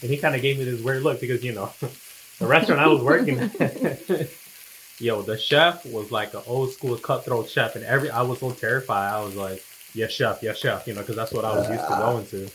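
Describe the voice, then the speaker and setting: A man's voice: medium pitch, brisk, fairly bright tone, slight background noise, poor audio. A man casually telling a personal story as co-host of a couple's chat, laid back and slangy, acting out what he and others said.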